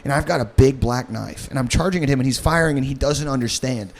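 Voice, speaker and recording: A man in an improvised comedy bit, sliding into a low, creepy murmur as he spins a menacing monologue. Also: fast, gravelly, slight background noise. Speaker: podcast co-host.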